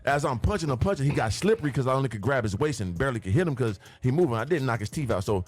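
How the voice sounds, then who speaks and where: Man telling a wild story, fast and animated. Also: mid-range voice, no echo, faint music behind. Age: older than the hosts. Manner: vivid and profane, acts out scenes with sound effects. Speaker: guest telling his life story.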